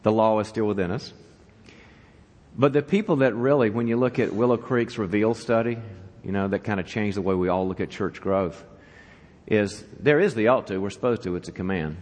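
A man's voice: fairly low pitch, moderate pace. A man speaking to an audience at a church leadership event, telling a joke conversationally and asking the crowd questions. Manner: animated storyteller, conversational, asks the audience questions. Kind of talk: conference talk to an audience. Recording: reverberant hall.

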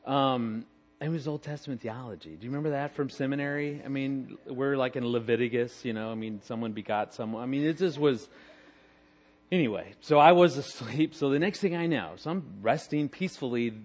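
A middle-aged man telling a humorous story to an audience in an animated, self-mocking way, acting out the dialogue. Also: mid-range voice, brisk. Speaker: speaker telling a story with his wife.

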